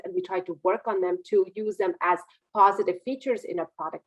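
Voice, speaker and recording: A woman speaking as a business mentor in an online webinar. Her delivery is lively and demonstrative, swinging between energetic and calm, and her voice sits mid-range for a woman. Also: mid-range voice, dull audio. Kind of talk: webinar talk. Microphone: video call.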